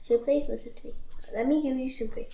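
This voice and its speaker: A woman's voice: sits high, fairly even intonation, a little fast, creaky, dark tone. A woman reading the lines of a frightened woman who calls up spirits, in an echoey room. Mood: wary. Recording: echoey room, faint noise.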